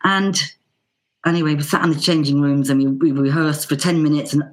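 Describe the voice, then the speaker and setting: A middle-aged Irish woman, a banjo player, telling a casual anecdote in a lively way, acting out the voices she quotes. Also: deep voice, fairly quick. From Ireland. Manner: lively, acts out quoted voices with lots of fillers. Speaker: banjo player and teacher guest.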